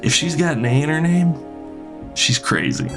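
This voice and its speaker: A blunt, self-assured therapist , as a comic puts him on, with a gravelly voice pushed up high. He lectures in a confident way and hands out strange advice as if it were settled fact. The bit is told on a stand-up stage. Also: moderate pace, music in the background, natural voice. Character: blunt, flaky male therapist giving odd advice.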